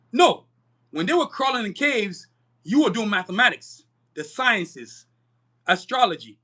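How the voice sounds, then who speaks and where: Fiery podcast host, male, high-pitched and sharp, swears freely while preaching to his viewers. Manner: fiery, profane, preachy, addresses viewers as y'all. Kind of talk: live-stream commentary.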